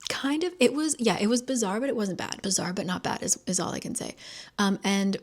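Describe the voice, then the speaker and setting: A woman's voice: mid-range voice, lively intonation, fairly quick. A woman vlogger chatting casually, rambling with lots of fillers. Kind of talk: casual chat.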